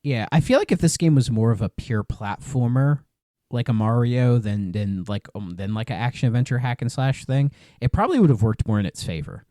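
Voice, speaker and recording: A man's voice: medium pitch, animated, fairly quick, mellow, no room sound, studio quality. A man with an Ohio accent, hosting a podcast in a laid-back casual way, full of "you know" and "like". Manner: laid-back, uses many fillers. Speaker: podcast host.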